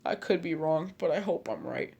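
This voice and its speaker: A man's voice: on the high side, lively intonation, moderate pace, gravelly, a little mellow. A man voicing an earnest, emotional young boy ninja in a fan fiction reading. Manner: earnest, heartfelt.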